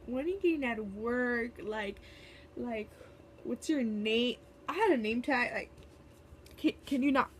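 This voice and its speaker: A woman's voice: on the high side, slight background noise. A young woman telling a storytime vlog in casual, chatty talk, full of fillers and sassy asides. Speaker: vlogger.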